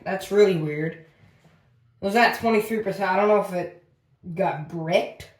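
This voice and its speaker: A man's voice: high voice, unhurried. Man rambling through a gadget review. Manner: rambling, repeats "as you can see". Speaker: tech reviewer. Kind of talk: casual product review vlog.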